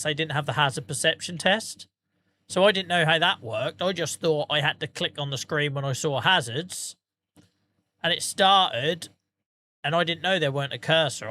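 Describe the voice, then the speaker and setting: A man's voice: on the high side, pushed and bright. A tired man, chatting casually to viewers on a game livestream and telling rambling, sweary stories. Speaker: streamer.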